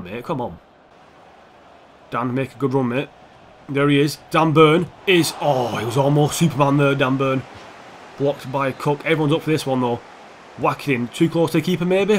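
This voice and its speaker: A gaming YouTuber, a young man with a slightly high voice and a bit of hiss or hum, gives casual, sarcastic, sweary commentary over a football video game. He talks back at the players on the screen.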